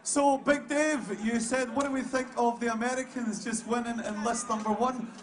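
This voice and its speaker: A man hosting a live event, talking lively and hyping up the crowd. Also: very high voice, normal speed. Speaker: event host.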